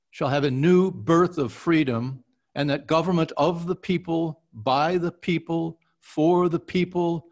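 A man speaking at a very unhurried pace, giving a measured, deliberate recitation of a historic speech. Between passages he talks in a halting, casual way, restarting his sentences as he chats with his voice coach. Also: a little high. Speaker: podcast host.

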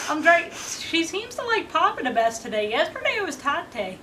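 A woman with a high, bright voice coaxes a baby over and over in a sing-song way. It is a casual home video, with a little noise in the background. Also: sing-song, fairly quick, hardly any pauses, rough recording. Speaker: mother filming her baby.

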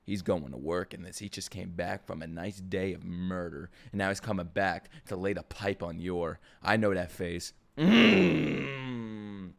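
A young man giving a profane, jokey reaction to an anime opening, swinging between low murmurs and excited shouts. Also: normal speed, gravelly, hardly any pauses. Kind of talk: live reaction commentary.

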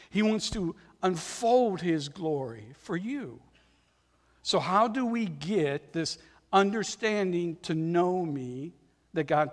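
A man preaching a sermon, reading scripture aloud and swinging between loud emphasis and softer passages. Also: high voice, in a large hall. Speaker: pastor. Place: church sanctuary.

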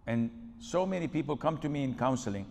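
A male preacher gives a humorous question-and-answer talk in an Islamic center lecture hall, acting out the dialogues in his stories. His medium-pitched voice is expressive, fairly quick, gravelly and a little mellow. The recording carries a long hall reverb.

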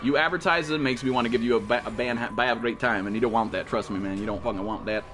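A young man rattles off quick, swear-heavy commentary while streaming a game, bluntly lecturing his chat. His voice sits at an ordinary middle pitch, with faint music running underneath. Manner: profane, blunt, scolding chat viewers. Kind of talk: live gameplay stream commentary.

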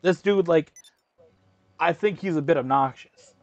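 A man's voice: on the high side, measured pace, a little mellow, no echo, lo-fi sound. A man hosting a gaming video, telling a long story in casual, profane chat full of slang fillers. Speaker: gaming channel host. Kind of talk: casual chat while racing in a game.

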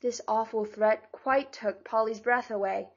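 A woman reads a classic novel aloud in a measured, scripted narration. Her voice sits somewhat high. The recording is slightly dull and lo-fi. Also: fairly even intonation. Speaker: audiobook narrator.

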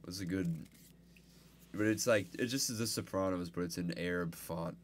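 A man co-hosting a podcast in crude comedic banter, loud, profane and jokey. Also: sits low, moderate pace, a little hiss or hum. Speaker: podcast co-host.

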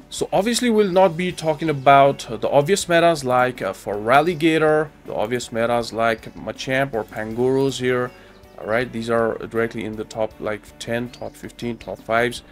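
A young man with a nasal, stuffed-up voice, hosting casual game strategy commentary and often checking in with "right?". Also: medium pitch. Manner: chatty, with tag questions ("right?") and fillers. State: stuffy nose from a cold drink. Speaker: Pokémon GO channel host.

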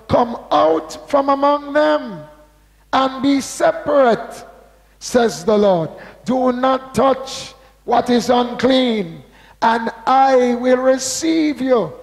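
A man preaching a sermon. He speaks slowly and with emphasis, asks the congregation to repeat key words, and reads scripture with drawn-out stress. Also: very high voice, creaky, in a large hall. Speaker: pastor. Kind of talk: sermon with call-and-response.

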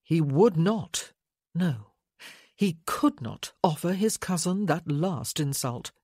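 Slow, measured audiobook narrator. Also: mid-range voice, expressive, darkish tone, husky, no echo, studio quality. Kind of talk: scripted narration.

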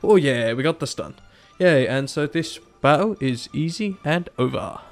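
A young man casually commentating over his gameplay, animated and exasperated, acting out his own reactions. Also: on the high side, moderate pace, faint music behind. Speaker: gaming YouTuber. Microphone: desktop mic, no camera.

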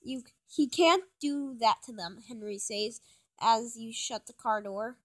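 A woman's voice: on the high side, measured pace. A young woman reading her own fan story aloud, stumbling and restarting often. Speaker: fan fiction reader.

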